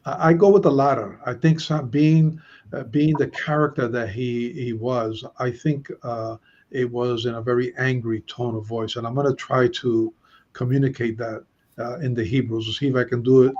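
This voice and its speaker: Husky man hosting a Bible study. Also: medium pitch, fairly even intonation, normal speed, darkish tone, highs cut off. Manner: chatty, asks listeners questions, reads verses aloud.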